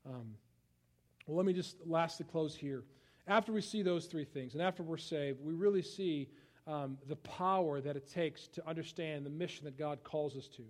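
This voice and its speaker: A young man preaching a sermon in a conversational style, swinging from hushed tones to loud outbursts. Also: a little high, normal speed. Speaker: pastor.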